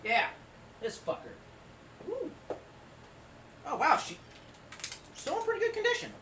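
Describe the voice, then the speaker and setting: Over a faint hiss or hum, a man with an extremely high voice talks at a measured pace during a casual livestream. He reads chat aloud, rambles and swears, stumbles through restarts, and veers between excitement and gloom.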